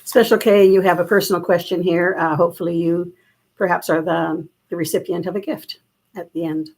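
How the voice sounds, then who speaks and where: A woman with a low, gravelly, husky voice co-hosts a casual live stream. She reads out viewer questions and teases her partner in a relaxed, chatty way. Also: a little fast, rough recording. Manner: teasing, reads out comments. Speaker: co-host reading viewer questions.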